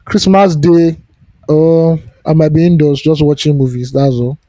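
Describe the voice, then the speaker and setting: A Nigerian man co-hosts a podcast, trading laid-back, joking banter. His voice is mellow and pitched a little high for a man, and the recording is dry and close. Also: fairly even intonation, unhurried, no room sound. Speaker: podcast co-host. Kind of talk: casual chat.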